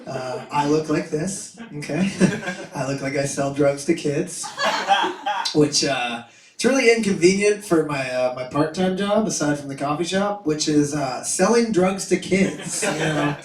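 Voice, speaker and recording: A young man performs stand-up on a club stage, crude and self-mocking, with a high voice that breaks into loud shouting. He sounds a bit far from the mic, and the room rings with echo. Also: measured pace, a crowd in the background. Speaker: stand-up comedian. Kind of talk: stand-up comedy set. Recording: echoey room, mic heard from afar.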